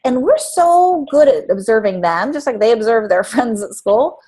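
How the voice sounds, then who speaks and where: A middle-aged woman, a parenting life coach, talks to parents in a casual, animated way and laughs between her points. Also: a little high, normal speed, slightly rough, rough recording.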